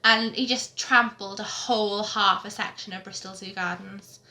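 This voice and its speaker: A woman's voice: medium pitch, fairly even intonation, moderate pace, bright, forceful tone. A young woman vlogging, telling stories in a chatty, giggly way. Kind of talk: casual chat. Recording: echoey room.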